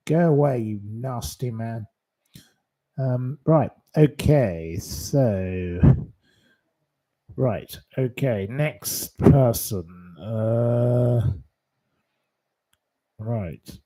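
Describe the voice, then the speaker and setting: A man's voice: mid-range voice, very slow, pauses often, dark tone. A man hosting his own channel, delivering an angry, scolding rant full of insults. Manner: indignant, scolding, hurling insults. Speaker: channel host.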